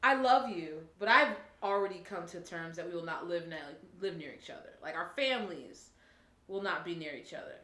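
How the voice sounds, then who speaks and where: A woman's voice: lowish voice, normal speed, bright, forceful tone, roomy sound. A woman from New Jersey co-hosting a podcast, giggly and playful in casual banter. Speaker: podcast co-host. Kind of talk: casual chat.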